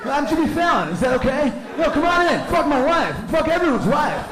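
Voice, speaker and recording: List: a man playing a fawning grown man, very high voice, over-eager, echoey room. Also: very animated, fairly quick, crowd noise. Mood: gushing. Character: fawning, gushing grown man welcoming anyone in.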